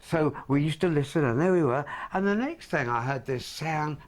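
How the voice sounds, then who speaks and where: An older English man recalling his pop singing days in casual conversation, telling stories with many pauses and restarts. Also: fairly high pitch, expressive. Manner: hesitant storytelling with many ums and restarts. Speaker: former pop singer reminiscing.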